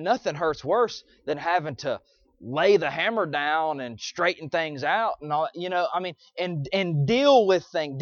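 A middle-aged man, a pastor, preaching in a conversational way, often restarting and swinging between quiet, soft passages and loud, emphatic ones. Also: a little high, no room sound, dull audio. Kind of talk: sermon.

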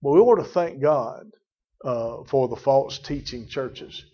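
A man's voice: mid-range voice, a little slow, warm tone. A man preaching a sermon, emphatic and repetitive, calling on congregation members by name. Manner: emphatic, repeats phrases, addresses congregation by name. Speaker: pastor. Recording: muffled lo-fi church recording.

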